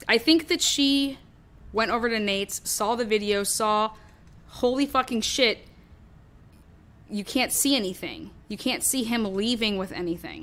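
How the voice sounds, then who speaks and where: Hosting a true crime show, a woman talks through her theory in a rambling, casual way, swearing often and acting out what others might have said. Her voice is mid-range and a bit bright.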